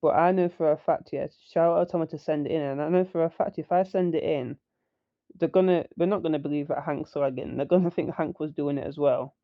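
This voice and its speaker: Young bloke, sweary rant. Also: male voice, on the high side, brisk, no echo. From northern England. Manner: heated sweary storytelling. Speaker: online roleplay gamer. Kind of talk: casual chat. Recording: muffled faulty mic.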